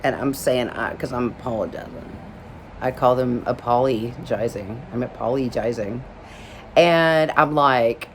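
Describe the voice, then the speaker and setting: A woman from Alabama tells a personal story to camera in an emotional, rambling way, full of "like" fillers. Her voice sits low for a woman. A faint hum runs behind her. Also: a little slow. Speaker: vlogger telling a personal story.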